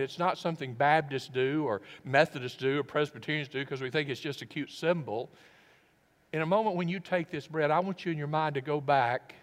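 A man preaching a sermon as a pastor, reflective and earnest, often dropping his voice low. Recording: long reverb of a large hall.

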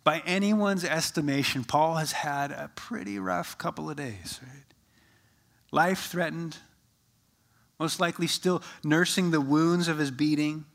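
A man preaching a sermon as pastor, rising with energy, then dropping to a soft, slow hush for quoted words. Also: a little high, gravelly. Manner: shifts from lively to soft and slow when quoting Jesus.

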